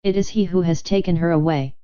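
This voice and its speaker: A woman doing a stern, gruff old colonel. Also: lowish voice, brisk, dark tone, lo-fi sound, lightly acted. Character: stern, gruff older male army colonel.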